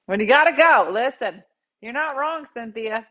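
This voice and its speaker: A woman host casually telling a funny story, jumping into loud quoted voices. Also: on the high side, lively intonation, moderate pace. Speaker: podcast host.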